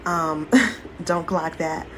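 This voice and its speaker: A woman's voice: low voice, monotone, extremely slow, background noise. A woman talking candidly into her phone to her followers in a rambling, profanity-laced casual vlog. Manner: candid, rambling, heavy swearing. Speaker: social media poster.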